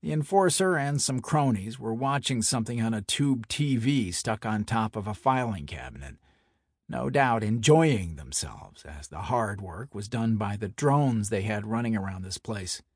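A man narrates a hard-boiled first-person story in a measured, wry manner. His voice is slightly husky. The recording is dry, with no room sound. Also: medium pitch, animated, no echo.

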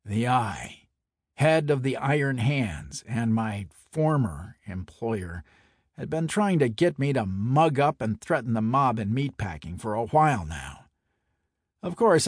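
Husky-voiced man narrating a hard-boiled story. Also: medium pitch, very animated, dry recording, studio quality. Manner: measured, wry, hard-boiled. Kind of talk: first-person story narration.

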